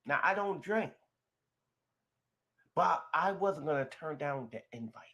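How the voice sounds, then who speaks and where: A man telling a personal story in an emphatic, expressive way, going from quiet to loud. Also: a little high, a little slow, muffled recording. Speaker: storyteller in a shared video.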